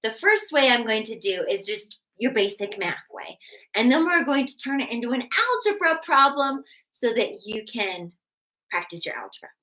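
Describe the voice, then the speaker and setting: A woman's voice: fairly high pitch, lively intonation, moderate pace, sharp tone. A woman teaching a live online math lesson, bubbly and encouraging, chatting with viewers between steps. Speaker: GED math tutor. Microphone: webcam.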